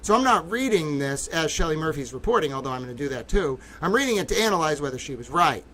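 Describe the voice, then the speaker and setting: A man hosting a livestream, talking in an excitable, theatrical way that swings from low muttering to loud outbursts. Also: quick pace. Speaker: livestream host. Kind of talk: livestream commentary.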